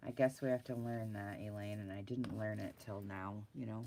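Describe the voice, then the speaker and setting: A woman's voice: very deep voice, steady tone, moderate pace, warm tone, a little hiss or hum. A middle-aged woman chatting bluntly and animatedly with live viewers from her desk while she draws, laughing often. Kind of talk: casual chat while drawing. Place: at a desk indoors.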